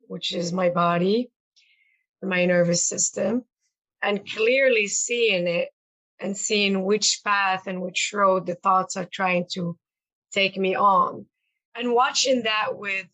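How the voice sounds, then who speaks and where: A woman of middling pitch talks as an interview guest. She reflects on her own experience in an earnest, soft-spoken way, often pausing on fillers and repeating words as she searches for them. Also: rough recording. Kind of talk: reflective personal interview talk.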